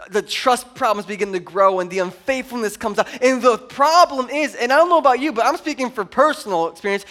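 A man in his thirties, a pastor, preaching at a church service with animated storytelling and lots of "like". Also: sits high. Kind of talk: sermon.

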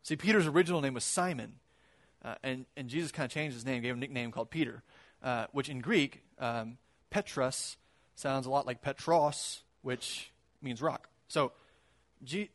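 A man giving a casual, conversational sermon, animated and acting out quotes in his retelling. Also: mid-range voice, moderate pace.

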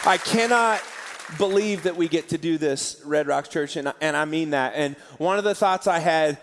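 A man preaching a sermon as pastor, telling stories in an animated way and laughing often. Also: a little high, moderate pace, a crowd in the background, background noise. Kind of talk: sermon storytelling. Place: church auditorium. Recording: large hall with live audience.

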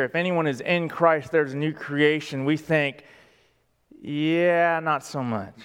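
A pastor delivers a sermon in a high, unhurried voice, leaning on key words and putting questions to the congregation. The recording carries the long reverb of a large church hall. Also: male voice. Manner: deliberate, emphatic, asks the congregation questions.

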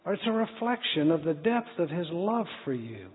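A middle-aged man delivers an earnest sermon in a fairly high, husky voice, stumbling over a word now and then as he tells a story. The sound is thin and phone-like, with a long reverb trailing behind him. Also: very animated, normal speed. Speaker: pastor.

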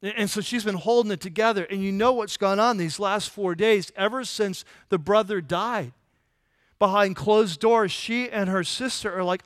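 A man with a high-pitched voice preaching a sermon in a conversational way. He asks his listeners rhetorical questions and turns soft and quiet in tender moments. The recording is dry, with little room sound. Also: normal speed, dry recording. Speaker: pastor.

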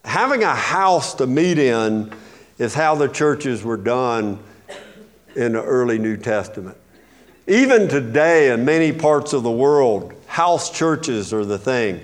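A man's voice: mid-range voice, expressive, slow pace. A man, a pastor, preaching an expository sermon with emphasis, posing rhetorical questions and answering them himself.

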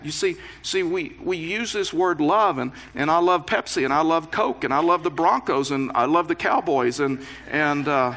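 Male pastor, sermon delivery, bright and forceful tone, slightly high voice, earnest with playful asides. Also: moderate pace. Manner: earnest preaching with playful asides, rising emphasis and repetitions.

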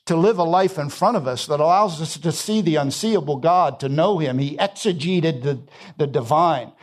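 A man preaching a sermon, emphatic, repeating key phrases and swinging between quiet and loud passages. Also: on the high side. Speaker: pastor.

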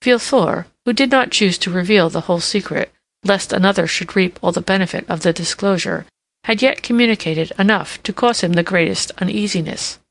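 A woman reading a classic novel aloud as an audiobook narrator, in a steady, measured way. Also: medium pitch, dry recording.

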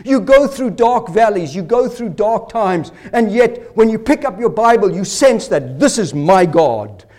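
A male preacher delivering a sermon in a high, lively voice that swings widely in pitch. He presses his points with rhetorical questions and repeated phrases. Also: unhurried. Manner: rhetorical questions, emphatic repetition.

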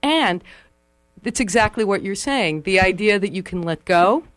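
An interviewer talking casually, halting with many uhs and restarts. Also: medium pitch, lively intonation, a bit bright, dry recording.

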